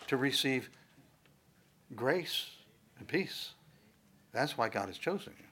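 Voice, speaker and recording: A male pastor teaching a sermon from the Bible in a conversational way, building to loud, emphatic stresses on key words. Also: medium pitch, animated, slow pace, long pauses, slightly rough.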